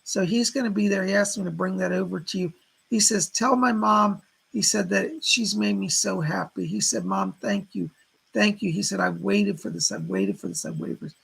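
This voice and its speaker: A man with a husky voice giving live psychic readings, passing on spirit messages as quotes and thanking donors by name. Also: high voice, animated, moderate pace, fairly bright tone, rough recording. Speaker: psychic medium.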